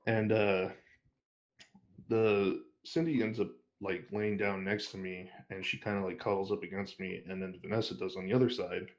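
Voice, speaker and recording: As an interview guest, a young man tells a long, rambling story full of swearing, laughing as he goes. His voice is low with little pitch movement, at normal speed.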